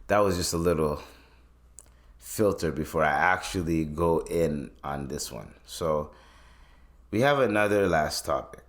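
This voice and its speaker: With an animated bass voice and a slightly slow delivery, a Canadian man in his twenties hosts a podcast, rambling loosely in casual chat with lots of swearing.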